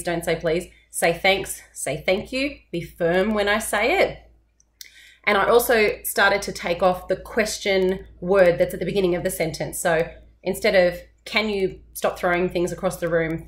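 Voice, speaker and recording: Casual teacher woman giving advice. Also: mid-range voice. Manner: casual, direct, explanatory, with fillers. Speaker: teacher and channel host. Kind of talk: unscripted advice talk to camera.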